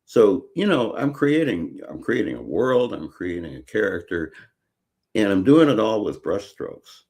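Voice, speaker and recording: Older guy from chicago, deep voice, lots of uh and you know, relaxed interview chat. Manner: halting, many fillers and restarts. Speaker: guest author. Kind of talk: casual interview conversation.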